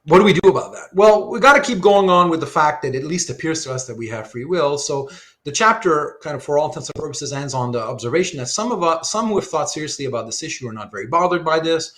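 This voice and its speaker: Animated man lecturing on philosophy. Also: a little high, fast. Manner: animated, rhetorical questions, thinks aloud while drawing. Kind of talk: live online lecture.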